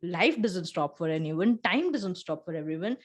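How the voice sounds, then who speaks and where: Her voice fairly low and expressive at normal speed, a woman co-hosts a casual, heartfelt podcast chat. She's sincere and reflective, bringing her personal feelings to life as she retells them.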